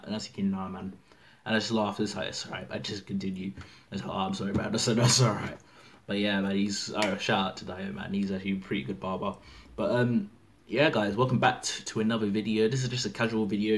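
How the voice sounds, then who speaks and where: A man's voice: lowish voice, a little hiss or hum. An eighteen-year-old man chatting casually to camera, rambling and full of fillers. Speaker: vlogger. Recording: music playing loudly behind.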